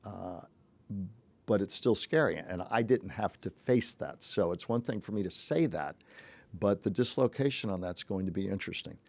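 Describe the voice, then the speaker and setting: A man's voice: on the low side, normal speed, vocal fry, no echo. An older man hosting a casual podcast chat, reflective and chuckling, with many restarts. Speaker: podcast host, journalism teacher.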